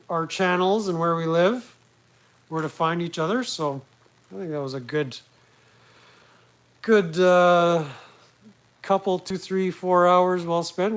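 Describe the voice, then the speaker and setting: Heard through a low-quality recording, this man's voice is fairly high. He's casually hosting a live talk stream on his laptop from home, rambling on with crude humor that often targets himself.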